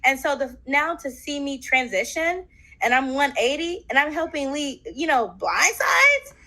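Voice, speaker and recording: High, bright-voiced woman telling a story. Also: normal speed, poor audio. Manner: animated, acts out quotes, many fillers. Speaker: interview guest. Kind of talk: casual storytelling.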